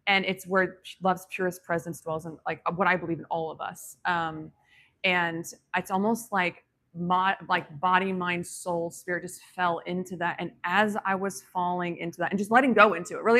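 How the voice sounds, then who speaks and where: A woman's voice: lowish voice, pushed and bright. A woman telling a personal story in a casual, rambling way, full of fillers and restarts, reflective and spiritual in tone. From grew up on a ranch.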